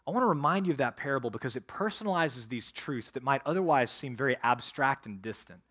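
A man's voice: mid-range voice, expressive, fast, a bit bright, breathy edge. A male pastor preaching a sermon, earnestly addressing the congregation directly.

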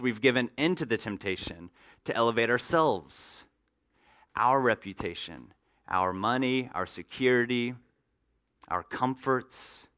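Bright-voiced male pastor preaching. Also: mid-range voice. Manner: earnest preaching, acts out everyday scenes. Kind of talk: sermon.

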